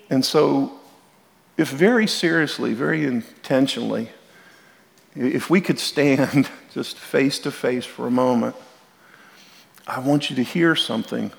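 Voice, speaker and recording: Speaking unhurriedly with vocal fry and long pauses, a middle-aged man delivers a sermon as pastor. His medium-pitched voice stays earnest and direct as he repeats and restarts phrases for the congregation, while the church sanctuary lends a long hall reverb.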